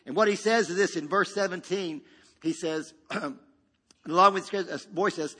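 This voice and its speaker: Emphatic pastor preaching in a reverberant hall. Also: male voice, high-pitched, expressive, moderate pace, bright, forceful tone, breathy edge. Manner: emphatic, with repetitions and call-and-response. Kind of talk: sermon.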